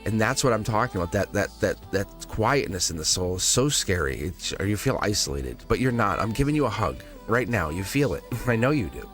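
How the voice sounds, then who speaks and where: Animated laughing male tarot reader. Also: on the low side, fairly quick, hardly any pauses, faint music behind. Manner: animated, teasing, laughs often, acts out quotes. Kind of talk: live-stream tarot reading.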